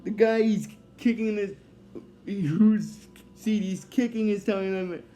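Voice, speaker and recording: A man's voice: sits high, a little slow, mellow, slight background noise. A man casually recapping a cartoon episode, rambling and hesitant with many fillers, apologizing when he drifts.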